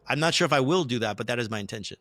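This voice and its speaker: Man, bright tone, dry recording, explaining tabletop game rules, rambling restarts, casual. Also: mid-range voice, expressive, racing, no room sound.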